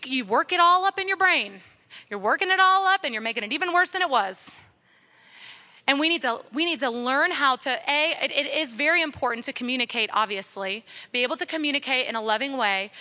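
Bright, high-voiced young woman preaching. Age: young adult. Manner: earnest, exhortative, repeating key phrases. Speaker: women's ministry speaker. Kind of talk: sermon.

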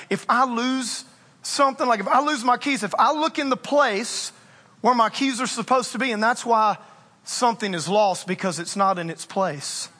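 A pastor in his forties preaching a sermon, telling self-mocking stories in an animated way. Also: extremely high pitch. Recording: long reverb of a large church hall.

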